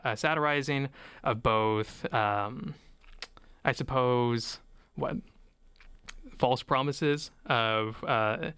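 Man from the US, podcast guest, smooth voice, dry close sound, earnest explaining. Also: medium pitch, fairly bright tone, dry recording. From United States.

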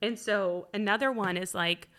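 Woman in her 30s, podcast co-host, tense bright voice, loose rambling delivery. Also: medium pitch, normal speed. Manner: rambling, full of "like" and "um". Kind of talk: candid conversational chat.

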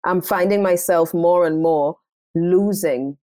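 Trini woman, bit of new york in it, low voice, dry close mic, theater director telling her story, repeats herself a lot. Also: slow pace, dry recording. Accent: Trinidadian, mixed with New York. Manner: animated, repeats words while finding them. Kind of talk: reflective storytelling interview.

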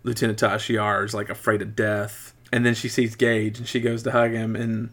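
A man's voice: lowish voice, moderate pace. A man casually recapping a movie plot as a podcast co-host, with wry asides. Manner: animated retelling with wry asides.

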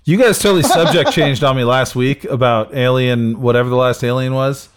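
A man's voice: medium pitch, brisk, smooth. A man in casual chat, blunt and scornful, swearing freely.

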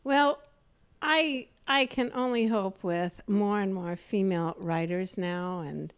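A woman hosting a podcast interview in casual chat, animated and jokey, acting out quoted bits. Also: medium pitch, takes it slowly, smooth. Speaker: podcast host.

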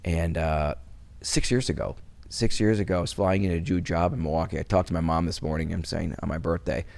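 A middle-aged man from Wisconsin talks as an interview guest in a very low, gravelly voice. He rambles through his stories, restarting his sentences often, and grows softer when he turns to painful memories. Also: fairly even intonation, a little fast. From Wisconsin, USA. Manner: rambling, many restarts, turns soft when recalling loss. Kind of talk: casual interview conversation.

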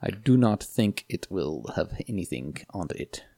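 A man's voice: low voice, very animated, a little slow, creaky, dark tone, no room sound, clean studio sound. A man co-hosting a podcast in casual chat, with wry, joking remarks. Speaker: podcast co-host. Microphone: headset mic.

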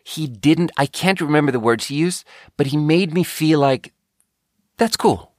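A man's voice: a little high, normal speed, dry recording, clean studio sound. A man hosting a podcast, telling a story in a rambling way, often correcting himself mid-sentence and swearing casually. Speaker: podcast host.

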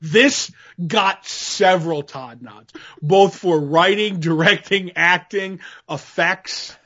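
A man co-hosting a podcast in casual chat, laughing often and animated. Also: sits high, slow pace. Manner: laughing, animated, does little bits. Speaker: podcast co-host. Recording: dull lo-fi sound.

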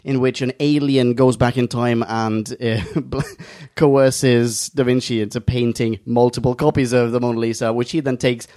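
A man with a middle-pitched voice chatting casually and laughing often. He rambles into asides as he talks. The sound is dry and close. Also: fairly even intonation, normal speed, hardly any pauses, darkish tone, dry recording. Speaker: podcast co-host. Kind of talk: casual chat.

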